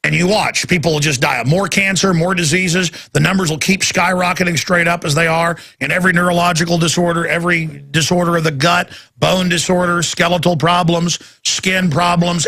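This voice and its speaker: A man's voice: sits high, steady tone, fairly quick, hardly any pauses, bright, forceful tone. A man hosting a talk radio show, ranting emphatically in a heated monologue and taking callers. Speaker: radio host.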